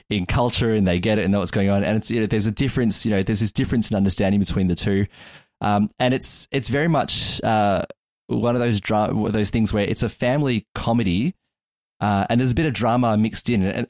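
Male podcast co-host, low-pitched, hesitant and filler-heavy, dry recording. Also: darkish tone, no echo. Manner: hesitant, lots of fillers and restarts. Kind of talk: casual chat.

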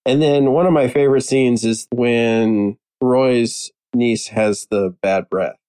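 A man chatting casually as a panelist, animated and amused as he retells favorite scenes. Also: mid-range voice, slow pace, low-quality recording. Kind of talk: casual chat.

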